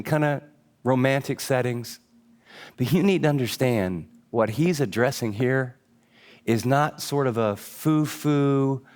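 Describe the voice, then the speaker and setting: An emphatic middle-aged man preaching a sermon, pressing each point as he teaches from notes. His voice sits a touch higher than most men's. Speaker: pastor.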